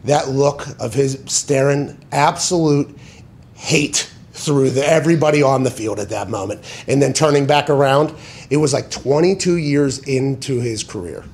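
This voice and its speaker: A man's voice: mid-range voice, moderate pace, darkish tone. A man hosting a sports talk show, talking casually in an emphatic, profane way and often correcting himself mid-sentence. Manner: tangents and self-corrections.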